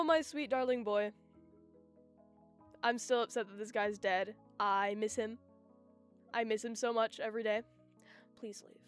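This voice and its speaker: A high-pitched woman streams live and rants about her opinions, animated and quick to cut herself off. Faint music plays softly behind her. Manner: animated, ranting, self-interrupting. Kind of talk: casual live-stream chat.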